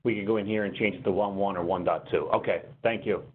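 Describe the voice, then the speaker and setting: A man presenting a technical webinar, talking through software steps on screen in a conversational, explanatory way. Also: low-pitched, fairly even intonation, fast, husky. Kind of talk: conversational software demo walkthrough. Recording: tinny phone-line webinar audio, faint noise.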